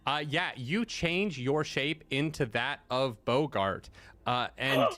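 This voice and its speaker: A man narrating as game master, animated and laughing, with many fillers. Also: mid-range voice, slow.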